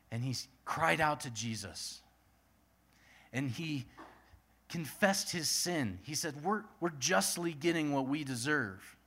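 A man's voice: mid-range voice, fairly bright tone. A male pastor preaching and praying in an earnest manner, building his points through repeated lists. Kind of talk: sermon.

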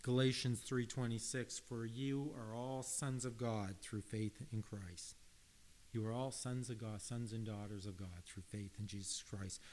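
A man's voice: fairly low pitch, fairly even intonation, measured pace, a little mellow, a little hiss or hum. A man preaching a sermon, reading Bible passages aloud and stressing key words earnestly, with frequent restarts.

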